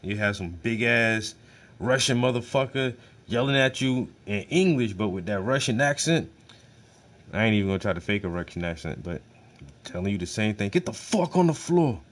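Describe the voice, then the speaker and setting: A man's voice: on the low side, moderate pace, a bit bright. A man hosting a livestream, reacting to a speech in loose, slangy, profane talk that often repeats itself. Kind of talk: casual livestream commentary.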